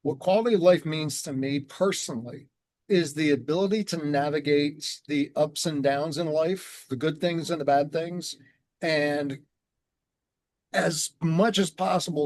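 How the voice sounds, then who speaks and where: A man telling his story in an earnest, measured way and slowing down on key words, as a guest on a conversational show. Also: on the high side, a little mellow, no echo. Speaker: guest, transformation coach.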